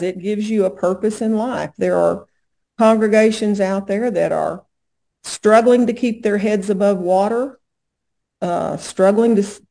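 Mellow, earnest older woman. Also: medium pitch, creaky. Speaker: guest. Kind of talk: casual interview.

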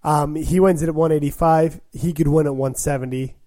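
A man with a fairly high but mellow, warm voice co-hosts a casual sports chat. He reacts quickly and reasons out loud through possible scenarios. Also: steady tone. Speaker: podcast co-host.

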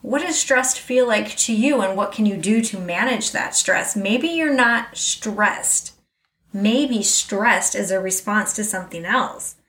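A woman's voice: mid-range voice, takes it slowly, a bit bright, distant mic. Candid woman in a roomy space. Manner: candid, confessional, speaks straight to the listener. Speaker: podcast host. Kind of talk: personal reflective monologue. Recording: roomy echo, a little off mic.

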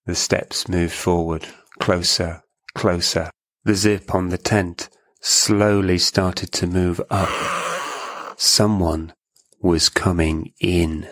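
Deep-voiced man narrating a scary story, drawn-out and dry. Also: steady tone, no room sound. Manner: slow, suspenseful delivery. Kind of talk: dramatic storytelling.

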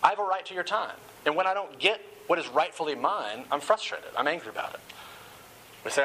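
A man's voice: on the high side, brisk, sharp tone, a little hiss or hum, low-quality recording. A man giving a sermon-style talk, often repeating words as he starts phrases.

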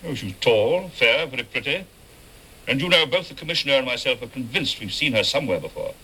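A courteous football club manager, played by a man in 1930s film style. His voice is bright and genteel, and his pitch moves about a lot as he speaks. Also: animated, fast, husky, rough recording. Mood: earnest.

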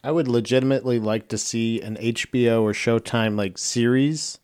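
A man's voice: mid-range voice, steady tone, moderate pace, darkish tone, clear, resonant tone. Joking, rambling podcast man. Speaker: podcast co-host. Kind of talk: casual movie discussion.

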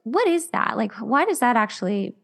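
A woman hosting an interview, chatty and enthusiastic as she asks her guest questions. She reacts warmly and talks in a relaxed, conversational way. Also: fairly high pitch, moderate pace, vocal fry. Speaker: podcast host. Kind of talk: interview chat.

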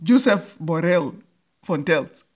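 Woman host, comic monologue, lively pitch, laughing, dull lo-fi sound. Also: measured pace, breathy edge. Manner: laughs often, teasing and animated. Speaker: podcast host. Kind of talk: humorous commentary monologue. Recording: dull lo-fi recording.

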